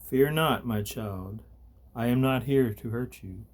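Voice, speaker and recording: A man voicing a calm, stern archangel who speaks with lofty composure in a storybook reading. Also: medium pitch, takes it slowly, close to an everyday voice. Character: archangel Gabriel, calm stern male angel.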